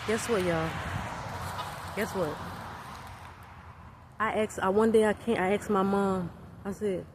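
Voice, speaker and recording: A woman's voice: medium pitch, takes it slowly, pauses often, background noise. A woman telling a story to her viewers, repeating herself and calling out to them again and again. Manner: repetitive, animated, addresses viewers as y'all. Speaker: vlogger. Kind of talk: casual storytime vlog.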